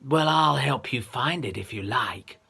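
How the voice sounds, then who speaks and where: A sly but helpful snake, as a man puts him on, speaking in a soft, hushed, drawn-out voice in a children's story. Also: medium pitch, animated, creaky, breathy edge, exaggerated voice.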